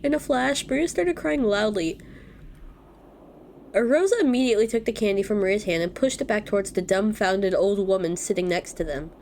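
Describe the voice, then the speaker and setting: A young woman reading a visual novel aloud as a let's-play host, breaking off with loud reactions. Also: mid-range voice, normal speed, a little hiss or hum. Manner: expressive, reacts loudly.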